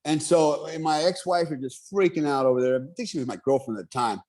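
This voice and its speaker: Animated casual male storyteller. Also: a little high, quick pace. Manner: animated, swearing, laughing often.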